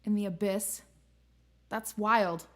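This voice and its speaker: A young woman talks through her live stream in a loose, chatty way. She is candid and unfiltered, swearing casually now and then. Her voice sits at an ordinary middle pitch. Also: steady tone, takes it slowly, fairly bright tone. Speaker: streamer and host.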